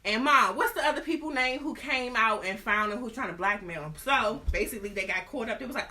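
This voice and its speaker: A woman host retelling a story in an animated, slangy, comic way. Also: fairly high pitch, a little fast, hardly any pauses, noisy background. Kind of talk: casual storytelling.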